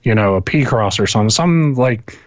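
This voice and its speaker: A man's voice: medium pitch, lively intonation, quick pace, dry recording, lo-fi sound. A man co-hosting a podcast, chatting casually about video games in a rambling way, swearing often and restarting his sentences. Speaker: podcast co-host. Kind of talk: casual gaming chat. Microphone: internet call.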